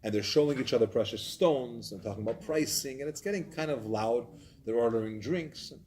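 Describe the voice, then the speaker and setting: A man's voice: mid-range voice, fairly quick, a little mellow, slight background noise. A man, a community rabbi, telling a story in a Torah class, animatedly acting out its scenes.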